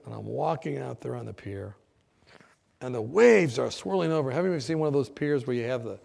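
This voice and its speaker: A man preacher telling his testimony in a sermon, acting out dialogue and halting with fillers. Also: medium pitch, vocal fry, a little mellow.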